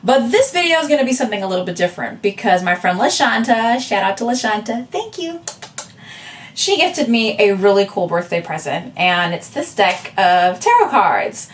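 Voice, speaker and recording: A woman's voice: mid-range voice, moderate pace. Woman rambling on in a chill vlog, lots of ums, kinda far from the mic. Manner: rambling, lively, with many um fillers and asides. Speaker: vlogger and artist. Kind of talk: casual chatty vlog. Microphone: camera with a separate audio backup.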